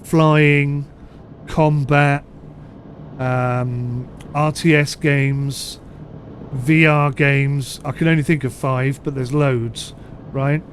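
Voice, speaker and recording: A man's voice: mid-range voice, steady tone, drawn-out words, a little hiss or hum. A man with a mixed southern English accent giving chatty, rambling live commentary over a ship simulator and answering his chat. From United Kingdom. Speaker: streamer.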